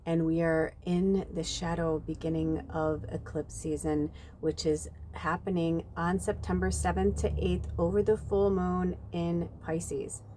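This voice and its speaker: A woman's voice: on the low side, level tone, unhurried, hardly any pauses, mellow, a little hiss or hum. Chatty woman giving a spiritual reading. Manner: chatty, rambling, many fillers. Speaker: tarot reader. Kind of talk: channeled spiritual reading, casual talk. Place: outdoors at night.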